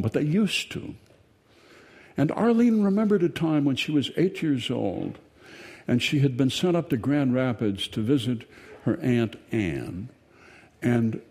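Slow, wry older male storyteller. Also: mid-range voice, dark tone. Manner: slow, rambling, self-correcting, wry. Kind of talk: spoken storytelling monologue. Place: outdoors in sunshine.

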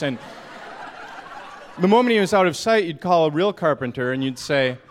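A man performing a comic monologue on stage at a story slam, mock-sincere and wistful, with a deadpan delivery. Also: a little high, normal speed, slight background noise.

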